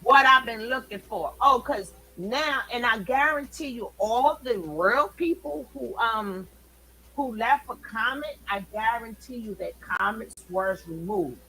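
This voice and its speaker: A woman hosting a reaction channel, ranting in heated commentary, loud and profane and clearly worked up. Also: on the high side, animated, a little slow, a little hiss or hum, rough recording. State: angry, worked up.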